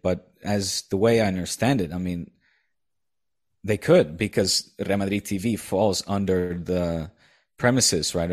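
A man with a Dutch accent, co-hosting a podcast in casual chat, pausing and restarting as he searches for words. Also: on the low side. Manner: halting, many fillers and restarts while searching for words. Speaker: podcast co-host.

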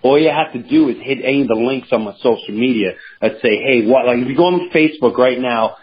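A man hosting a podcast in casual chat, telling stories in an animated, rambling way with many restarts. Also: medium pitch, fast, slightly rough. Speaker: podcast host. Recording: dull lo-fi sound with faint noise.

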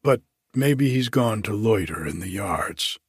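A man voicing a matter-of-fact male prison guard in a slow, husky storybook reading. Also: lowish voice, expressive, no echo, studio quality, heavily acted.

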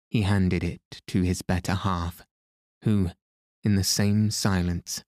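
A man reading a classic novel aloud in measured, even storytelling narration, close to the mic. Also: deep voice, dry recording. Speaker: audiobook narrator. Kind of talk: scripted narration.

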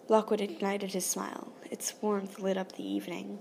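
A woman narrating an audiobook in a soft, hushed, often half-whispered delivery. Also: medium pitch, flat delivery, normal speed, gravelly, hardly any pauses, a little hiss or hum. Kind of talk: scripted narration.

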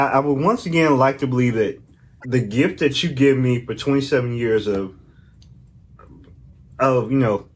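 Animated man acting out chatty banter. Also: lowish voice. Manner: animated, acts out imagined dialogue. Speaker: podcast co-host. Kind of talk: casual chat.

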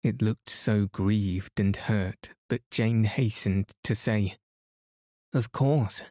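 A man narrating a bedtime story in a calm, soothing way for sleep. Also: on the low side, slow pace, no room sound, clean studio sound. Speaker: podcast host, reader.

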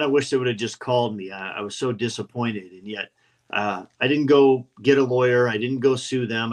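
A man guesting on a podcast, spinning stories in easy conversation. His voice sits at a middling pitch, and he slips into the voices of the people he quotes. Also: poor audio. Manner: animated anecdotes, acts out quoted voices. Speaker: guest, custom motorcycle builder. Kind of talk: casual podcast storytelling.

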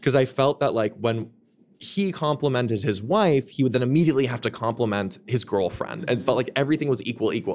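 A man on a podcast as a guest author, telling his story in a frank, casual way, with quick self-mocking asides and plenty of swearing. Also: mid-range voice, lively intonation, a little mellow.

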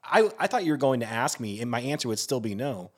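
Male podcast co-host, mid-pitched, casual, profane, with jumpy high exclamations. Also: fast. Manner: profane, animated outbursts. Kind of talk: casual chat.

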